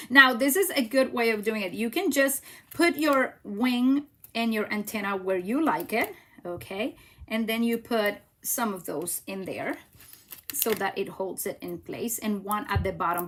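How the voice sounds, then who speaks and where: A woman's voice: medium pitch, fairly bright tone. A woman with a Puerto Rican Spanish accent whose first language is Spanish, leading a live card-making tutorial in a chatty, upbeat way, thinking aloud as she works. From Puerto Rico. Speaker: craft demonstrator.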